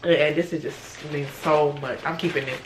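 A woman's voice: low-pitched, fairly even intonation, moderate pace, slight background noise. A young woman chatting casually and bluntly in a vlog, swearing freely. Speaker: vlogger.

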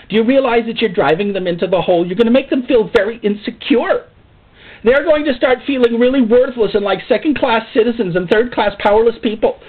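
A man's voice: fairly high pitch, husky. A preacher voicing a fretful churchgoer man who pleads in a tearful, whiny tone. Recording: tinny phone-like sound.

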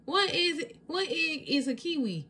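A woman's voice: sits high, big pitch swings, measured pace, bright, forceful tone, a little hiss or hum, voice pushed up, full character voice. A woman reading a storybook aloud, voicing a small, worried little sister puppy with a plaintive, unsure manner. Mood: curious.

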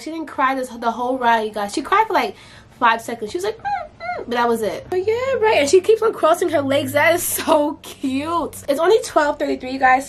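A woman's voice: high voice, slight background noise. A teenage girl vlogging in a chatty, gushing way, often saying "like" and "you know". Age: late teens. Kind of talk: casual vlog chat.

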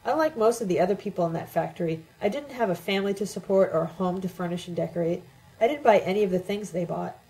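Woman, lowish and mellow, steady first-person audiobook reading. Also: fast, poor audio. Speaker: audiobook reader. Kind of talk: reading a novel aloud.

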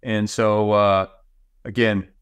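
A head football coach in his forties speaks in a lowish, smooth voice, measured and a bit halting as he gathers his thoughts. The sound is dry and close to the mic. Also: flat delivery, no echo. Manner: measured, with many fillers and restarts. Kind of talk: interview answers.

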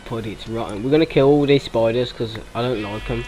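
A man's voice: medium pitch, brisk. A young man chatting casually while playing a game, yelping and laughing at what happens on screen. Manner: excitable, yelps and laughs at the game. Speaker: gaming channel host. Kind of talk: casual gameplay chat.

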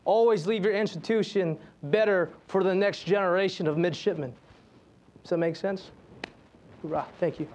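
A man's voice: high voice, moderate pace, a little mellow, slight background noise. An American man, a Marine on a panel, exhorting future leaders in an earnest, motivational way.

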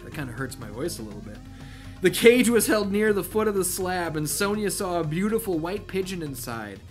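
A man's voice: sits high, very animated, fairly quick, faint music behind. A man hosting a comedic read-through of a novel, breaking off from the text for wry asides. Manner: wry asides that interrupt the reading. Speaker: channel host reading a novel aloud.

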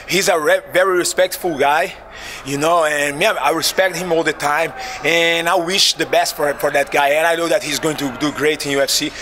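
A man's voice: on the high side, fairly even intonation, moderate pace, pushed and bright, a little hiss or hum. A man from Brazil with a Brazilian accent, a fighter giving an earnest post-fight interview in English and often restarting his phrases.

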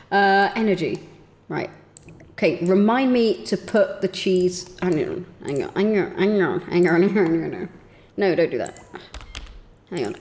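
Lively woman chatting through gameplay. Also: fairly low pitch. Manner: chatty and excitable, talks to her game characters. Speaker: streamer. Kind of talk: casual gameplay commentary.

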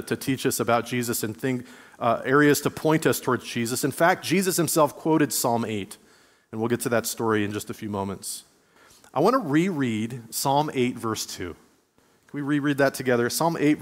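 A man preaching a sermon as pastor, speaking conversationally and reading scripture aloud. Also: medium pitch. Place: church sanctuary. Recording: long church hall reverb.

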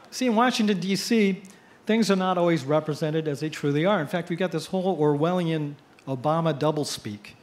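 A middle-aged man giving an after-dinner speech, telling jokes with punchline pauses. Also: on the high side. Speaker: editorial cartoonist giving a speech. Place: cruise ship event.

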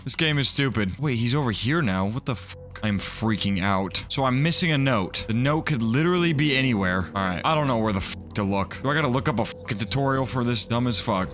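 A man's voice: mid-range voice, animated, brisk, fairly bright tone, faint music behind. A young man commentating a horror game as he plays, cursing constantly and yelping when startled. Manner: profane, jumpy, screams at jump scares. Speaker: gaming youtuber.

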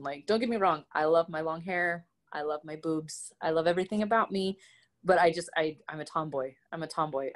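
A woman speaking as an interview guest in a casual conversation, candid and expressive as she tells personal stories. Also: on the low side. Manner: candid and expressive, animated storytelling.

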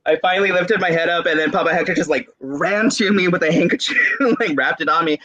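A man's voice: fairly high pitch, fast, highs cut off, a crowd in the background. A young man from San Diego, a tarot reader guest, telling a story in a casual interview and acting out voices. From San Diego, California. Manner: animated storyteller, acts out voices, laughs often.

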